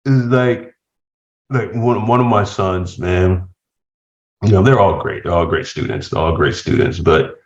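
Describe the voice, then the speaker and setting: A middle-aged man chatting casually as a podcast guest, telling stories with laughter and lively voice swings. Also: deep voice, measured pace. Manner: animated storyteller, laughs while telling stories. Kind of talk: casual chat. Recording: dull lo-fi sound.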